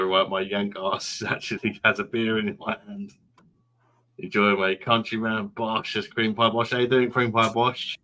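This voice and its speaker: A man's voice: lowish voice, sharp tone. A man hosting a casual online pub live stream, reading out viewer comments, laughing often and trading crude, sweary banter.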